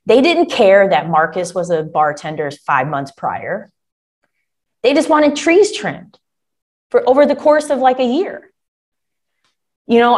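A woman coaching an audience in a lively, chatty way, calling them y'all. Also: medium pitch. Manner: animated, chatty, addresses listeners as y'all. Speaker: government contracting coach. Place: Michigan.

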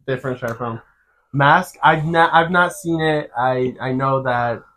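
A man co-hosting a casual podcast chat, animated and laughing as he retells scenes, saying "like" a lot. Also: medium pitch, unhurried. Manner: animated, laughing storyteller who says "like" a lot. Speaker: podcast co-host.

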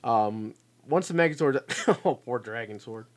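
A man's voice: mid-range voice, normal speed. A man co-hosting a casual chat about a TV show, laughing often and restarting his sentences. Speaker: podcast co-host.

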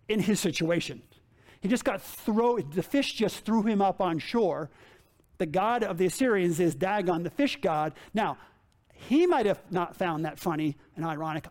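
A man's voice: high voice, darkish tone. A male pastor giving a sermon in a conversational way, repeating key phrases and asking the congregation questions.

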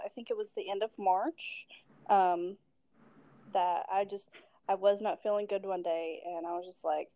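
Heard on a low-quality recording without echo, a young Tennessee woman with a Southern American accent speaks in a mellow, fairly low voice. She's co-hosting a podcast, chatting casually in a folksy, relaxed way and laughing easily.

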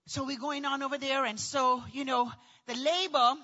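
A woman in middle age telling a personal story in a dramatic, animated way, acting out voices and often shouting. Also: sits high, a little fast, lo-fi sound. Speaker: storyteller recounting childbirth.

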